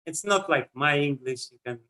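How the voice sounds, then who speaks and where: A man with a heavy Russian accent gives a scripture lecture, his voice bright and slightly high for a man. He speaks in a measured way, pausing often with "uh" as he works through each point. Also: rough recording. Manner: measured, with frequent "uh" pauses. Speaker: spiritual teacher.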